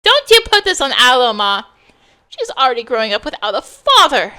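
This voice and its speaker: A woman's voice: on the high side, sing-song, normal speed, bright, forceful tone, pitched below the performer's own voice, full character voice. A woman voicing a worn-out young mother arguing in a heated, pleading way in a game. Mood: upset.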